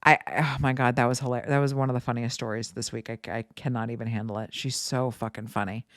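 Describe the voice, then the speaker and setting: A woman hosting her own podcast, telling a story in a casual, animated way, cursing freely and often breaking into laughter. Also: a bass voice, fast, no echo, clean studio sound. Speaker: podcast host.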